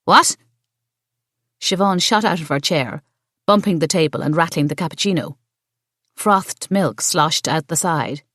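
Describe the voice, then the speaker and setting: A woman narrating an audiobook mystery in a steady storytelling manner. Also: low voice, normal speed, no room sound, studio quality. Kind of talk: scripted narration.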